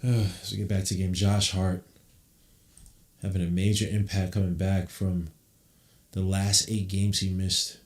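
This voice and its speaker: A man hosting a podcast, giving casual live play-by-play with loose slang and excited outbursts. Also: low-pitched, measured pace, roomy sound. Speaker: podcast host. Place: room at home on camera.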